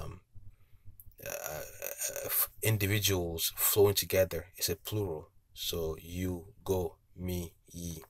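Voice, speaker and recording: A man teaching a language lesson, patiently repeating each word slowly with tone cues, pausing often with uh and okay. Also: low-pitched, no room sound. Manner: frequent hesitations with uh and okay. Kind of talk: slow spoken language lesson.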